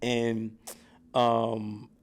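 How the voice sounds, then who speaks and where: A man guest in an interview, telling profane, animated stories from his childhood and getting loud when reenacting scenes. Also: medium pitch, extremely slow. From New York. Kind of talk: casual storytelling in an interview.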